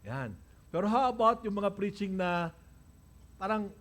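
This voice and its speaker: A man's voice: high voice, expressive, normal speed, fairly bright tone. A man with a Filipino accent preaching a sermon, emphatic and repeating key lines, often checking in with his listeners. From Philippines. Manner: mixes Tagalog and English, keeps checking in with the congregation. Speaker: pastor. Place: church.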